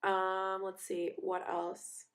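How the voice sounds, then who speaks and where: A woman's voice: mid-range voice, completely flat delivery, very slow, a bit bright. Chatty teen girl, full of likes. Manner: rambling, filler-heavy, chatty. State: a little sick. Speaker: exchange student. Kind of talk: casual video diary.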